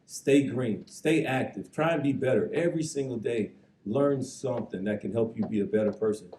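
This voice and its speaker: A man in his thirties giving an earnest, reflective induction speech to a hall audience, now and then putting lively voices on the people he quotes. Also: mid-range voice, brisk, recorded from a distance. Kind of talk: emotional acceptance speech. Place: large banquet hall. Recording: echoey hall, speaker away from the mic.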